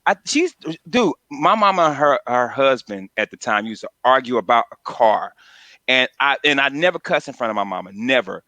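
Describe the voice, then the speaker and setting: A middle-aged man co-hosting a radio comedy show, chatting casually and telling animated stories, sometimes mimicking his mother in a high voice. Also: moderate pace, dry recording. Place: radio studio.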